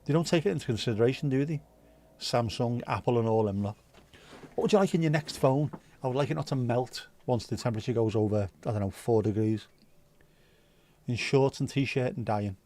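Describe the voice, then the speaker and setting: A man runs a casual livestream, loosely chatting and rambling as he reads viewer comments, with frequent swearing. His mid-range voice is mellow and moves a little fast.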